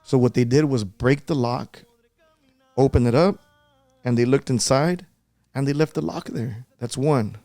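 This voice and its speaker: A man's voice: medium pitch, unhurried, pauses often, mellow, dry recording. A man as a podcast guest, talking earnestly and repeating himself as he recalls an upsetting event. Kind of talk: emotional podcast interview.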